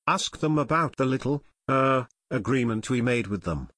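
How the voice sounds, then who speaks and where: A man reading a bold, quick-witted young friend. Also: medium pitch, lively intonation, a bit bright, dry recording, clean studio sound. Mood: urgent. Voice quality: urgent, taunting.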